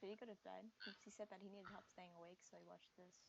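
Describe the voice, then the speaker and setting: A woman makes quick, quiet comments from the background of a stream. Her voice has a gravelly fry. She sounds distant and muffled, well away from the microphone. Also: medium pitch, steady tone. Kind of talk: casual chat in the background of a stream. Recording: distant and muffled, far from the mic.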